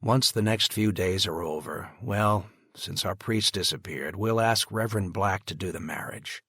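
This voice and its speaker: A man's voice: low-pitched, normal speed, a bit bright, husky, no room sound, studio quality, heavily acted. A man voicing a protective middle-aged father who gives clipped, commanding orders.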